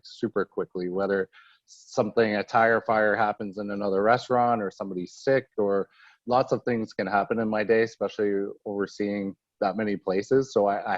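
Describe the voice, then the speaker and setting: A man's voice: lowish voice, dry recording, highs cut off. A man chef speaking candidly on a panel over a video call, with some restarts. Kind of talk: conference panel interview.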